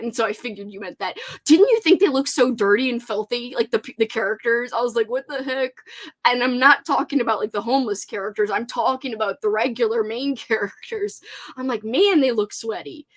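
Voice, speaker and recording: A woman's voice: on the high side, fairly quick. A woman hosting a casual reading livestream, gushing and laughing often as she answers viewer comments. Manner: bubbly and gushing, laughs often, many "like" fillers.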